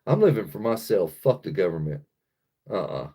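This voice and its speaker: Very animated yet mellow, with a breathy edge, an American man's low voice moves at a moderate pace. He's hosting a livestream, reading chat and ranting in an angry, profane way.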